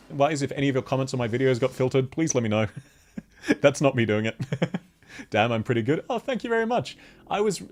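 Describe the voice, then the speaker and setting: A man with an Australian accent and a fairly low-pitched voice chats casually on a live stream. He laughs often while responding to his chat.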